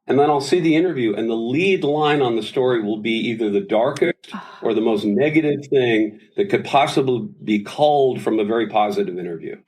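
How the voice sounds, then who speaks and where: A man's voice: medium pitch, a little fast, few pauses, rough recording. A man in his sixties, a singer as interview guest, telling anecdotes in casual talk. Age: 60s. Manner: animated storyteller, does voices in anecdotes.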